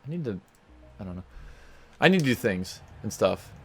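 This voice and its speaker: A man's voice: fairly low pitch, very animated, moderate pace, husky. Rambling man narrating a racing game. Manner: rambling, self-mocking, sings silly stutters. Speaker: let's play gamer. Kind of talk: casual gameplay commentary.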